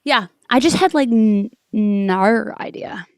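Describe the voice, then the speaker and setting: A woman's voice: mid-range voice, dry recording, studio quality. Gushing woman podcast co-host. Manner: enthusiastic, gushing, quick asides. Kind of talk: casual chat.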